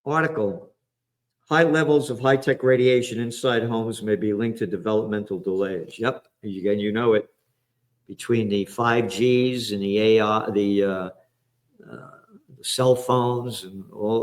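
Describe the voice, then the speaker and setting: A man from the Bronx, hosting ranting political commentary in a profane, sarcastic, heated way, jumping from topic to topic. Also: lowish voice. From the Bronx, New York. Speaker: commentator and host.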